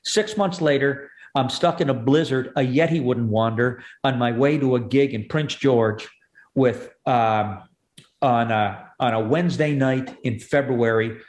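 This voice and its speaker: A man, a guest comedian, telling vivid comic stories in rapid bursts. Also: medium pitch, a little mellow. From Canada. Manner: rapid, vivid comic storytelling with voiced impressions. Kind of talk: animated storytelling chat. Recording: echoey room.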